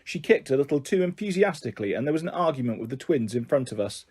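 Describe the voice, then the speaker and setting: A man reading a children's novel aloud in a gentle first-person narration. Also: mid-range voice, sing-song, fast talker, husky. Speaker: storyteller.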